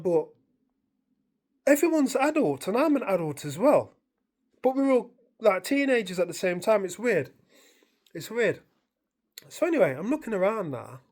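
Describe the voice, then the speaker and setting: A woman's voice: lowish voice, darkish tone. A woman, rambling through a casual story to camera, full of fillers and repeated phrases. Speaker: vlogger.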